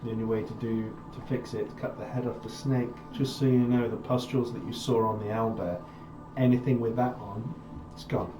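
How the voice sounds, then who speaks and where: A man's voice: medium pitch, fairly even intonation, a little fast, lightly acted. A man voicing a grim, curt male adventurer who mutters in short, clipped phrases. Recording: roomy distant mic with music.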